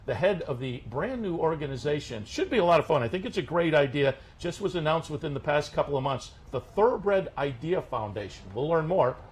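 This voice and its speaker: A man hosting a radio talk show about horse racing, chatting in a relaxed way with many "uh"s and restarts. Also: fairly high pitch, brisk, few pauses, breathy edge. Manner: relaxed, frequent fillers and restarts. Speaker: host. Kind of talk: casual radio chat.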